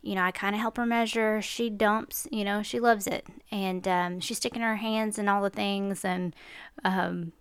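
A woman's voice: mid-range voice, fairly even intonation, moderate pace, clean tone, no echo. A woman, hosting a podcast and telling a personal story in a chatty, self-deprecating way. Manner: chatty, self-deprecating, lots of fillers and laughs. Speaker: podcast host. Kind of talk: casual storytelling monologue.

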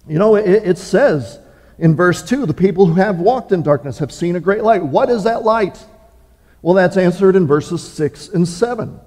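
A man preaching a sermon as pastor, reading scripture and then explaining it in an earnest way, with measured pauses and small restarts. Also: on the high side, mellow. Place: church sanctuary. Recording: long reverb of a large hall.

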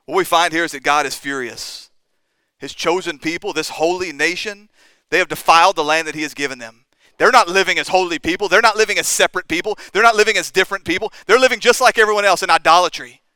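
Impassioned high-voiced male preacher. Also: sharp tone, clean tone, dry recording. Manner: impassioned, rises and drops in intensity. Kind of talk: sermon.

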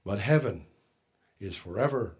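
A man preaching a sermon in a church as pastor, swinging between loud emphasis and hushed tones and putting questions to the congregation. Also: lowish voice, lively intonation, measured pace, slightly rough.

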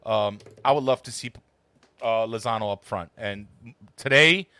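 Bright-voiced opinionated football co-host man. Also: on the low side, clear, resonant tone, dry recording. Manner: opinionated, halting with repeated words. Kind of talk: casual chat.

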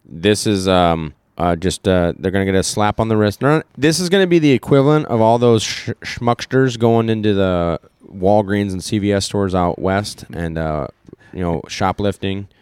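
A man's voice: fairly low pitch, lively intonation, normal speed, hardly any pauses, darkish tone, clear, resonant tone, no echo. A man from Iowa co-hosting a podcast, chatting casually about politics, rambling with fillers and restarts. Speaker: podcast co-host.

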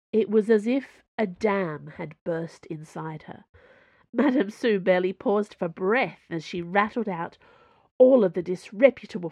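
Woman audiobook narrator, even and measured, dry booth sound. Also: fairly low pitch, no echo.

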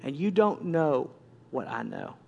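A preacher voicing God as a stern, quiet, measured inner voice. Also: male voice, on the high side, wildly swooping pitch, gravelly, lo-fi sound, pitched below the performer's own voice, heavily acted. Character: God as a stern still small voice.

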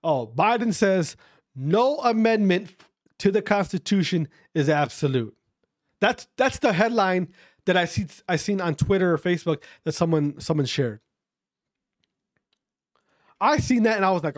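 A man's voice: high voice, big pitch swings, moderate pace, no room sound, clean studio sound. A man hosting a podcast, ranting casually, swearing a lot and repeating himself. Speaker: podcast host. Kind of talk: casual profane podcast rant.

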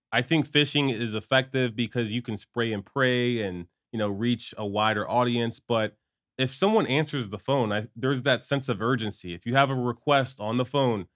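A man hosting a podcast interview, asking relaxed, conversational questions. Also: medium pitch, moderate pace. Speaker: podcast host. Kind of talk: casual interview chat.

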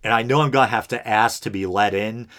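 A man's voice: on the low side, fairly quick, a bit bright. A man hosting an unscripted podcast, talking in an earnest, rambling way with lots of fillers and restarts. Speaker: podcast host.

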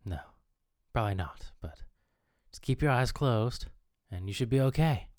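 A man hosting a comedic mock radio show with deadpan, pompous announcer patter. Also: mid-range voice, normal speed, no echo, clean studio sound. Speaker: host.

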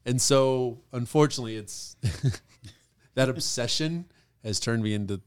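A man with a voice of ordinary pitch, co-hosting a relaxed chat show. He tells stories from his childhood in a playful, joking way and laughs often. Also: unhurried, clean tone. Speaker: co-host. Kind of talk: casual chat.

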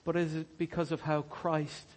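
A pastor preaching a sermon in a church, swinging from hushed, slow words to loud, soaring ones. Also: male voice, fairly high pitch, flat delivery.

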